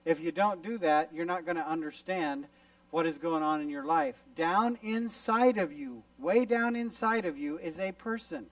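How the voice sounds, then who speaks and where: A man gives a youth sermon in a fairly high voice, bringing his illustrations to life by acting out small scenes. He sounds set back from the microphone. The room sound is dry, with little echo. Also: moderate pace, recorded from a distance. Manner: animated storyteller who acts out little scenes. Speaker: youth conference speaker. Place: camp meeting hall.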